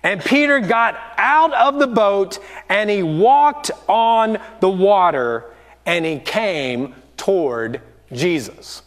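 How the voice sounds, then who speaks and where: A man's voice: high-pitched, lively intonation, slow pace. A man, a lead pastor, preaching a sermon in a church auditorium and acting out the voices in his stories. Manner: storytelling, acting out quoted voices.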